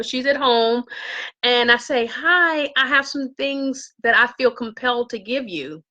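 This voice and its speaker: A woman casually telling a story to live viewers from her home, acting out quoted lines in a higher voice. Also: moderate pace, lo-fi sound. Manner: animated, acts out quotes in a high voice. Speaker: live-stream vlogger. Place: home with herbs around.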